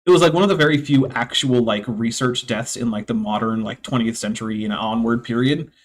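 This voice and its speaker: A man's voice: medium pitch, fairly quick. A man hosting a reaction stream, talking in a rambling, casual way with lots of fillers and sarcastic asides. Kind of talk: casual chat.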